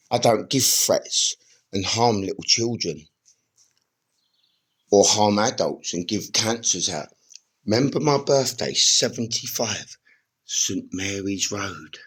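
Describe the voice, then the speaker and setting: Man, low husky voice, intense rambling monologue, confrontational, outdoors in a churchyard. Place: outdoor churchyard among graves.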